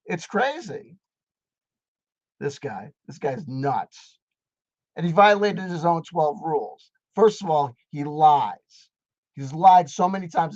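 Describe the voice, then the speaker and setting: Male commentator, sarcastic and swearing, voice a bit high, dull dry recording. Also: lively intonation, normal speed, darkish tone, no room sound. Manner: sarcastic, profane, heated. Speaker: commentator reacting to a video. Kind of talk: ranting video commentary.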